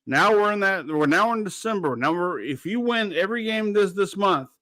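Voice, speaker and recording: A man running a casual sports radio show, opinionated and rambling, swearing now and then. His voice sits a touch high for a man. The studio sound is dry and close. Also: expressive, normal speed, sharp tone, dry recording. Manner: blunt, rambling, swears freely.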